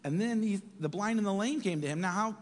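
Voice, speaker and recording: A man preaching a sermon as a pastor, in an animated way, acting out voices from the text. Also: high voice, fast talker, long reverb tail. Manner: animated, acts out voices of biblical figures.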